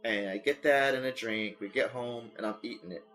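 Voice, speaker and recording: A man hosting a podcast, chatting casually and telling an animated story with bursts of mock announcer hype. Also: mid-range voice, a little fast, faint music behind. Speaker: podcast host. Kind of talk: casual chat.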